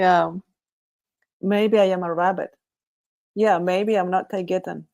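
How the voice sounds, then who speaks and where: A woman's voice: on the low side, steady tone, a little slow, vocal fry, long pauses, a little mellow, highs cut off. Chatty woman live-streaming, laughing often. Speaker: channel host reading chat. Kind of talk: casual live-stream chat.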